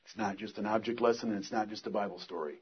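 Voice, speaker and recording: A man's voice: fairly low pitch, steady tone, fast talker, breathy edge, lo-fi sound. A man preaching a sermon, earnest, reading scripture aloud and pressing the point with force.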